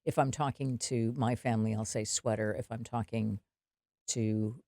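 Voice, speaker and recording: Chatty Canadian woman, gravelly. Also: rumbling low, fairly even intonation, moderate pace, dark tone, no room sound, clean studio sound. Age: middle-aged. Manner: laughs often, stammers and restarts. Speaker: podcast co-host. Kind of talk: casual chat.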